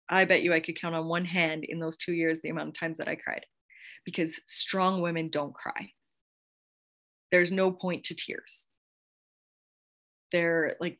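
Her voice sits on the low side with a fairly bright tone as this woman in her thirties hosts a podcast. She delivers a casual, gushing motivational monologue, laughing frequently.

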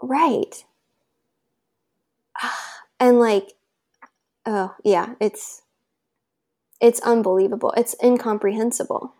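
A woman's voice: on the high side, fairly even intonation, slow, long pauses, dark tone. A woman as an interview guest, telling a personal story in a chatty, loose way with many filler words. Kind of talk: casual conversational storytelling.

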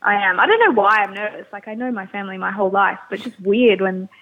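An Australian woman chatting on breakfast radio in a bubbly, excitable way. Her voice comes through a tinny, phone-like line. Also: mid-range voice, fast. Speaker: radio co-host. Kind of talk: casual chat on a phone line.

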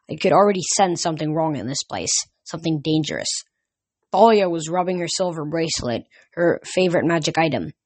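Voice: mid-range voice, dry recording. A reader narrating a first-person adventure story casually, with slips and restarts. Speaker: audiobook reader.

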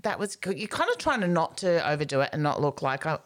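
A woman's voice: sits low, big pitch swings, brisk. A middle-aged woman co-hosting a podcast, telling rambling anecdotes in casual chat and acting out voices. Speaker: podcast co-host.

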